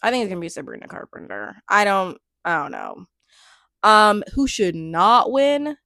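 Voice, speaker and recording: A woman's voice: medium pitch, huge pitch swings, moderate pace, gravelly, pushed and bright, dry recording. Chatty young woman, dry close sound. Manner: chatty, laughing, trails off and restarts. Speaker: music vlogger. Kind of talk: casual commentary vlog.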